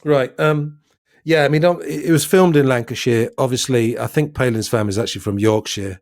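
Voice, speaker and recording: A man's voice: mid-range voice, steady tone, brisk, darkish tone, no room sound, studio quality. A man from southern England co-hosting a podcast, chatting casually about a film in a thoughtful way and laughing often. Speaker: podcast co-host.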